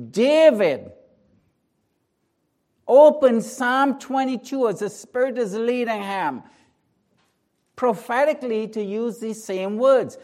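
A male pastor with a very high voice preaches, alternating quiet, unhurried prayer with declarations that build in emphasis.

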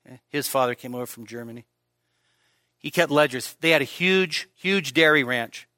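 Bright-voiced, self-deprecating male preacher. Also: mid-range voice, normal speed, no room sound, clean studio sound. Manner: candid, self-deprecating, joking asides. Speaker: pastor. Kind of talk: expository sermon. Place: church service.

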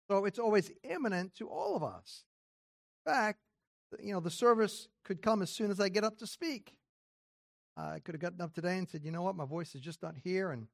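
A man, a pastor, preaching a sermon in a church during a service, teaching in a conversational way with asides and small laughs. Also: high-pitched.

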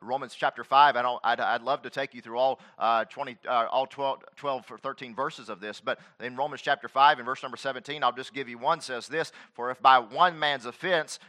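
A man preaching a sermon as pastor, animated, with emphatic rising questions and quoted voices acted out. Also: medium pitch, a little fast, few pauses. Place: church.

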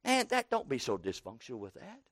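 A man in his sixties preaching a sermon, slowing down for emphasis and breaking into loud acted quotes. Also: high-pitched, dry recording, clean studio sound.

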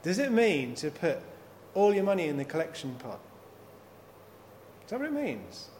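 A man's voice: fairly high pitch, very animated, normal speed, darkish tone. A man preaching a sermon, working through scripture with repeated rhetorical questions. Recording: long hall reverb, faint noise.

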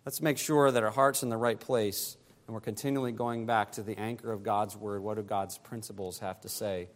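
A pastor preaching a sermon, climbing higher and louder to press his points and dropping soft and low to close them. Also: steady tone, a little fast, long reverb tail.

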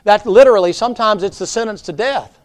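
Folksy preacher, loud then hushed. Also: male voice, high voice, fast. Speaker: pastor. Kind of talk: revival sermon. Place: church.

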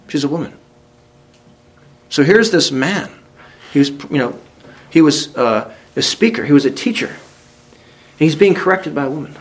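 A man whose voice leans high gives a sermon, reading scripture aloud and asking the congregation direct questions. He's earnest, pushing up to emphatic peaks and then easing back into quiet.

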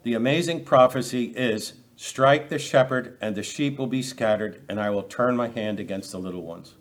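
Speaking at a moderate pace in a mid-range voice, a man preaches an expository sermon as pastor. His tone is conversational, peppered with rhetorical questions and acted-out quotes, and he frequently restarts phrases by repeating words.

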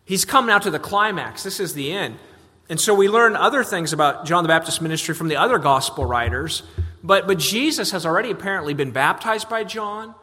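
A man's voice: animated, a little fast, sharp tone. A man preaching an expository sermon, earnest and prone to repeating words as he restarts his sentences. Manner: earnest, repeats words on restarts, voices questions with rising pitch. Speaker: pastor. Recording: long reverb of a large hall.

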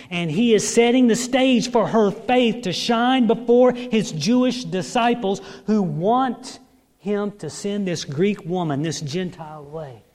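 Man preaching, high voice, acts out the bible quotes, big echoey church sound. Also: a little mellow. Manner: dramatic, acts out quotes, asks congregation for amens. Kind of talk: sermon. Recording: long reverb of a large hall.

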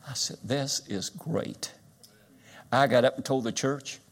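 An older man preaching a sermon, moving from quiet storytelling to loud, drawn-out emphasis. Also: mid-range voice. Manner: dynamic preaching, swings loud and soft. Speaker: guest preacher.

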